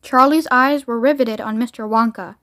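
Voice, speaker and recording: A woman narrating a children's book aloud with expressive storytelling. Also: fairly high pitch, moderate pace. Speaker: book reader.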